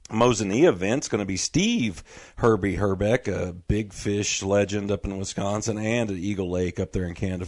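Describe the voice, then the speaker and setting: A man's voice: lowish voice, no echo, clean studio sound. A middle-aged man hosting a fishing talk show, rattling off event details and then chatting casually with his guests. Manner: rapid-fire announcer reading event details, then relaxed chat. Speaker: podcast host.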